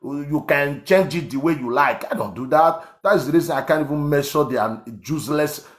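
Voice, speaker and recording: In an echoey room, a roughly fifty-year-old Nigerian man who comments online gives a political monologue. His fairly high voice moves at a moderate pace as he hammers points repeatedly, restarting often and leaning on fillers.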